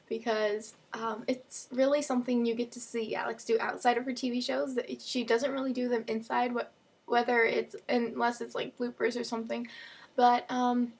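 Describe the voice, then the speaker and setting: A young woman talking casually as a fan vlogger, rambling with lots of fillers and restarts. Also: fairly high pitch. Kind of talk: casual chat.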